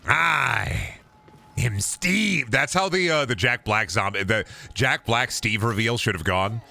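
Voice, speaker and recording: Bright-voiced, profane male streamer. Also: on the low side, expressive, moderate pace. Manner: profane, ranting, riffs with chat. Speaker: streamer playing a video game. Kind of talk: casual gaming stream chatter.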